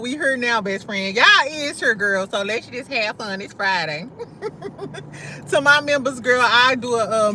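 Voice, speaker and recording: Chatting live with viewers, this St. Louis livestream host is a young American woman whose voice is loud, bright, forceful and a little high. She addresses chat directly, swears freely, uses plenty of slang and keeps laughing, with faint traffic audible in the background.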